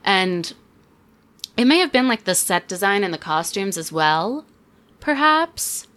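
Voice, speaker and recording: A young woman hosting a podcast, chatting casually and sarcastically about a movie with quick asides. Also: medium pitch, big pitch swings, fairly bright tone. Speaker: podcast host. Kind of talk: casual chat, movie review.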